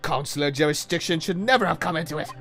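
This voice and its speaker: A man voicing a brash, angry young male newspaper reporter in an old-timey newsboy accent, talking loud and indignant with rough grammar, as he reads a video game's dialogue aloud. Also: fairly high pitch, fast, voice pushed up.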